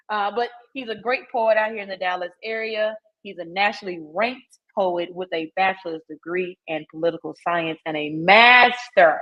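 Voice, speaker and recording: A woman hosting a podcast in a casual, slangy, hyped-up way, talking straight to her listeners. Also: lowish voice. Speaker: podcast host. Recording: dull lo-fi recording.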